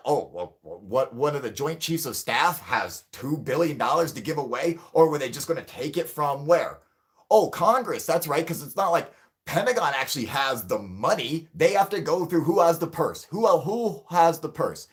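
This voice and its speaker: A man's voice: a little high, expressive, moderate pace. A man hosting a livestream, ranting angrily and swearing a lot as he answers the chat. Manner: angry, profane, ranting. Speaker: channel host.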